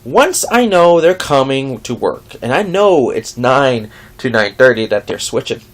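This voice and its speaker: A young adult vlogger letting off steam at a home mic in a casual rant. The pitch leaps up and down, and the curses come thick. Now and then the voice mocks people it is annoyed at. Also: a little slow. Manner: animated, swears a lot, mocks others.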